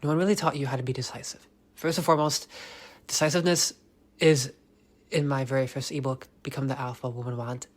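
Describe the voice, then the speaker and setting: Speaking a little fast with fairly even intonation at medium pitch, a solo male podcast host delivers motivational talk. He's intense, repeats key lines, curses, and occasionally sinks almost to a whisper.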